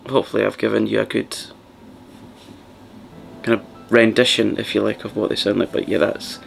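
Gravelly soft-spoken man, rambling ASMR chat. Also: lowish voice, flat delivery, moderate pace, slight background noise. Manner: rambling, soft, partly whispered. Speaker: ASMR channel host.

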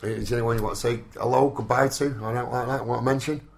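A man's voice: mid-range voice, steady tone, fast talker, vocal fry. A man with a Salford accent hosting a community radio show in casual chat, with lots of "do you know what I mean". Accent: Salford, Northern English. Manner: chatty, working-class Northern speech with "innit" and "do you know what I mean".

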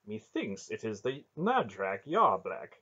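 A man's voice: fairly low pitch, wildly swooping pitch, slow pace, sharp tone, husky, muffled recording, heavily acted. A man reading as a formal, old-fashioned knight. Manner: formal, archaic. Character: formal, archaic-speaking male knight.

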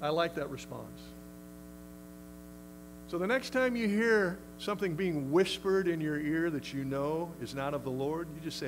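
A man's voice: a little high, normal speed, noisy background. A male pastor preaching a sermon in an emphatic, conversational way. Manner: emphatic, conversational, acts out quotes.

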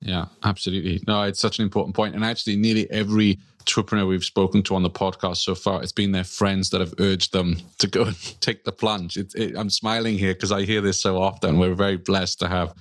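A man's voice: deep voice, level tone, brisk, hardly any pauses, dry recording, clean studio sound. A man hosting a podcast, chatty and encouraging as he talks with a guest. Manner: chatty, encouraging, with fillers and laughs. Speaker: podcast host. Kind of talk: casual podcast interview.

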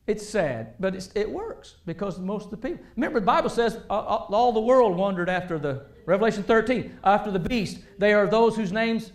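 Man preaching a sermon, pretty high voice, big echo off the church walls, goes loud then soft. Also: brisk, few pauses. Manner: animated, rising and dropping between loud emphasis and quiet asides.

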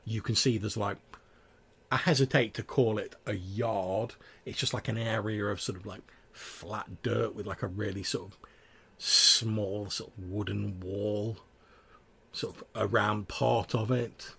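A man runs a tabletop game, narrating in rambling, filler-heavy descriptions. His voice sits on the low side, gravelly with a husky, slightly raspy grain. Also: fairly even intonation, a little slow, a bit bright. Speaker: game master.

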